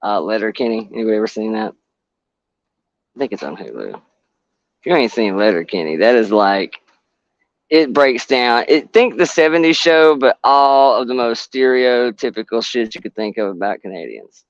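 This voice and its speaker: A man's voice: mid-range voice, animated, moderate pace, no room sound, dull audio. A man hosting a casual live chat, rambling and swearing bluntly.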